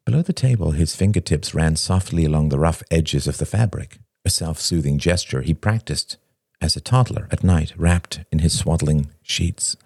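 A man narrating a story in a measured way. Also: very deep voice, creaky, darkish tone, no room sound, studio quality. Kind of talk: audiobook narration.

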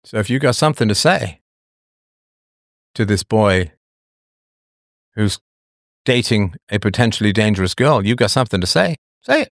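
A man's voice: on the low side, animated, normal speed, pauses often, dry recording, clean studio sound. A man hosting a talk show, lecturing a caller emphatically and mocking excuses in quoted voices. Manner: emphatic, lecturing, mock-quoting others in a raised voice. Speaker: show host answering listeners. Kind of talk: emphatic monologue to a listener.

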